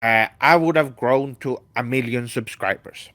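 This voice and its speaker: A man being interviewed as a YouTube guest, speaking haltingly and dropping in Japanese words. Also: mid-range voice, sharp tone, no echo. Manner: hesitant, sprinkles in Japanese words. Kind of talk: casual interview chat.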